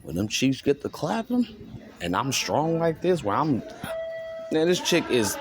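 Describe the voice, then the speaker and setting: A man's voice: medium pitch, big pitch swings, a little slow, noisy background. A man telling a rambling story on his vlog, laughing and mimicking others. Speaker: vlogger. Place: store, walking around.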